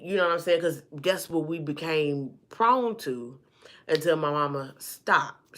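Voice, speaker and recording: A woman vlogger with a low-sitting voice tells her viewers a personal story in a lively, chatty way. She calls them y'all and honey and acts out the people in her story.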